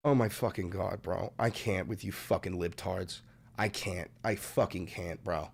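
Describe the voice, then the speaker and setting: A man hosting a political livestream, ranting loudly in a profane, mocking and combative way. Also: low voice, steady tone, measured pace, creaky, slightly rough. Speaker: livestream host.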